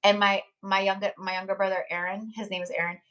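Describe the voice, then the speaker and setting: A woman's voice: mid-range voice, little pitch movement, fast talker, lo-fi sound. Rambling, heartfelt woman on a live stream. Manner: rambling, heartfelt, lots of fillers. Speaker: tarot reader hosting a live stream. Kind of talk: casual live-stream chat.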